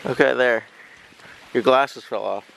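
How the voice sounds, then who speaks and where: A man's voice: measured pace, creaky, fairly bright tone, slight background noise. A man hosting a casual home vlog, chatting with his partner and pet. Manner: high sing-song baby talk to his pet. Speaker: vlogger.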